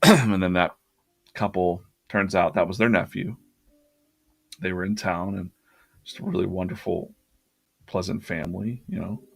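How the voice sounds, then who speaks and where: Gravelly low-voiced man telling a rambling story. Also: fairly even intonation, moderate pace, long pauses, no room sound. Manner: rambling, anecdotal, many fillers and restarts. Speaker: artist hosting a live drawing stream. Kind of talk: casual storytelling on a live stream.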